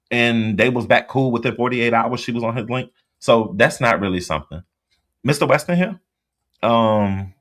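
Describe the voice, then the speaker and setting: Deep-voiced man chatting live. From US East Coast. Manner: chatty, blunt, reacts to the chat out loud. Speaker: livestream host. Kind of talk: casual livestream chat reading viewer comments.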